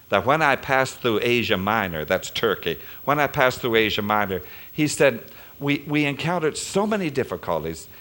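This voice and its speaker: A man's voice: mid-range voice, fairly bright tone. A man preaching a sermon, emphatic, often turning to the congregation with questions.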